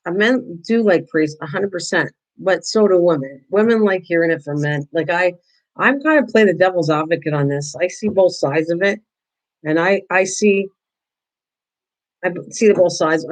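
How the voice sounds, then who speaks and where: A woman's voice: fairly low pitch, rough recording. Chatty older woman crafting on a livestream. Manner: chatty, answers viewers by name, frequent restarts. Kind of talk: casual livestream chat while crafting.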